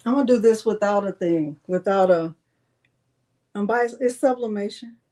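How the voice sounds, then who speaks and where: A woman's voice: mid-range voice, normal speed, mellow. A woman with a Southern US accent hosting a casual crafting livestream, thinking aloud and joking with viewers. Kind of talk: casual live chat.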